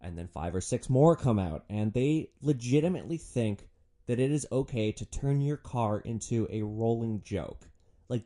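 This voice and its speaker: Brief: young guy, comic storyteller, swearing freely, animated delivery, warm mellow voice. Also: fairly low pitch. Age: young adult. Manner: sardonic, profane, animated. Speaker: podcast host, former rideshare driver. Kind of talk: comedic storytelling monologue.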